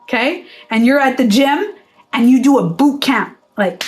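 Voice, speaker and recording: A woman's voice: high voice, moderate pace, darkish tone, faint music behind. A woman wellness coach talking casually to her viewers, candid and swearing freely as she acts out her own reactions. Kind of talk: casual live-stream talk to viewers. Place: indoors, playing music in the background.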